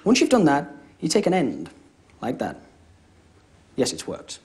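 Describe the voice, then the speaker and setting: With wildly swooping pitch in a high but darkish voice, a young man works through comic close-up magic at a measured pace. He keeps things chatty and funny, repeatedly checking "all right?", before a live audience in a TV studio.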